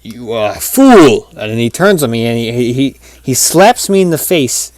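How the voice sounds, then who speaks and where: A man giving casual gameplay commentary as he rambles through a story, full of fillers and false starts. His voice sits at a middle pitch. The recording is dry and close, with no room sound. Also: expressive, normal speed, no echo. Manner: rambling, with many fillers and restarts. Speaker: channel host.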